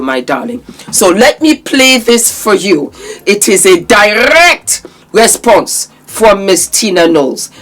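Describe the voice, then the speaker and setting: A woman hosting a commentary vlog, talking emphatically and calling her viewers darlings. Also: medium pitch. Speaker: commentary channel host.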